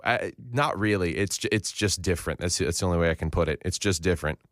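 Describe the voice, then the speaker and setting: A man's voice: low-pitched, fast talker, a bit bright, no echo, studio quality. A man in casual on-air banter as a radio news anchor, laid-back and joking.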